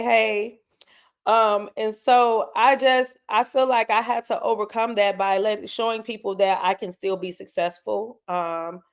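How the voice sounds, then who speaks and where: A woman's voice: medium pitch, clean tone. Candid woman hosting a live stream. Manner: candid, emotional, talks straight to her chat. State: tearing up. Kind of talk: casual live stream chat.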